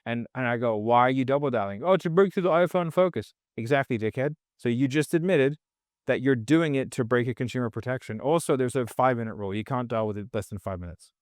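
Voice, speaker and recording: A man's voice: medium pitch, quick pace, no echo, studio quality. A man, guesting on a podcast, ranting bluntly and swearing a lot in casual conversation. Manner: blunt, profane, animated ranting.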